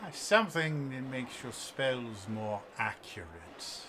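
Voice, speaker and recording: A man voicing an elderly, droopy male elf shopkeeper in a tabletop role-play, with a slow, drawn-out sales patter. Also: mid-range voice, sing-song, crowd noise. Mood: salesy.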